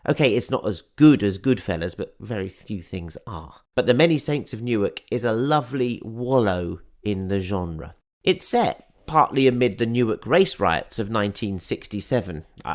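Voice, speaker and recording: A man hosting a film podcast, giving a chatty, enthusiastic and wry review. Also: fairly low pitch. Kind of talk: scripted film review and interview intro.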